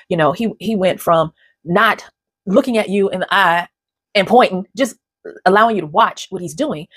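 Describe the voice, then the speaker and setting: In studio-quality audio with no room sound, a woman with a medium-pitched, husky voice hosts her channel. Her talking-head commentary is casual and wandering, marked by frequent restarts and repeated words.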